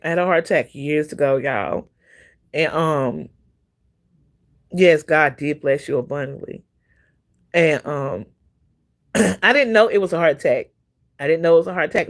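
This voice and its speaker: A woman hosting a casual livestream, telling a long personal story in a rambling, repetitive way with many fillers and breaking off to greet viewers by name. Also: lowish voice. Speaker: livestream host.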